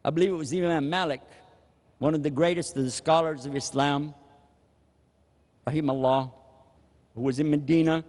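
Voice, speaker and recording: A man preaching a sermon in an animated, humorous way, acting out little scenes of dialogue. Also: on the high side, normal speed, long pauses. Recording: echoey hall reverb.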